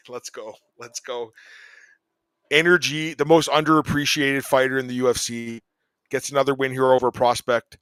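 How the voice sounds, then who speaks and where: A man hosting a podcast, chatting casually and excitedly about fight results. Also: mid-range voice, normal speed, clean tone, no echo. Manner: excitable, animated fan talk. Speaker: podcast host. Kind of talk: casual sports chat.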